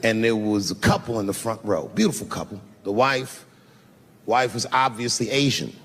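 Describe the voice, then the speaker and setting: A man performing a stand-up set, telling a profane story that swings from low, drawn-out lines to high shouts. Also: animated, a little hiss or hum. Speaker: stand-up comedian. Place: large theater stage. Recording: reverberant theater with loud crowd laughter.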